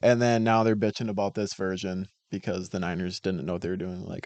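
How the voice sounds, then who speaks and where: A man's voice: low voice, level tone, brisk, few pauses, a little mellow, no echo. A man co-hosting a casual sports podcast, rambling with lots of fillers and laughing easily. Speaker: podcast co-host. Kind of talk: casual chat.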